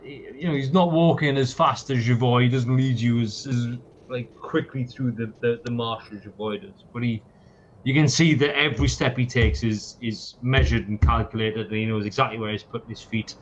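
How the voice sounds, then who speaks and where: A man runs a tabletop game, narrating in a loose, casual way full of fillers and swearing. His voice sits at a middle pitch. The microphone sounds dull and lo-fi, with a faint hiss. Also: moderate pace. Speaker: game master.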